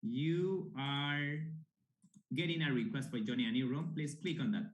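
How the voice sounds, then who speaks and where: Halting man teaching an online class. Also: mid-range voice, reverberant. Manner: halting, many restarts and fillers. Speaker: English teacher.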